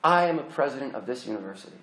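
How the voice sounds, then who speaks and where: Stern, quiet-spoken woman college president, as a preacher acts her out, told in an echoey hall. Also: medium pitch, animated, rapid-fire, voice pushed down, natural voice. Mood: generous. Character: stern female university president. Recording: roomy hall echo.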